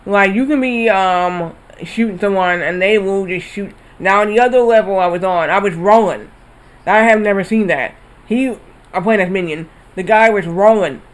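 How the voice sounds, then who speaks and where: While streaming a game, a man animatedly retells a rambling story, cursing casually. His voice is high and moderately paced, captured on a rough recording.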